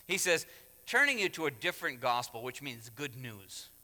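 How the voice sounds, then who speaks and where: A man's voice: mid-range voice, sing-song, moderate pace. Emphatic preacher man in a reverberant hall. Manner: emphatic, rising to loud exhortation. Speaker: pastor. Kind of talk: sermon.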